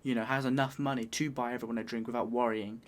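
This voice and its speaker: A man's voice: mid-range voice, flat delivery, fast. A British man in a medium register comments on a clip. He talks casually and rambles, sounding bemused. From United Kingdom. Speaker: reaction video host.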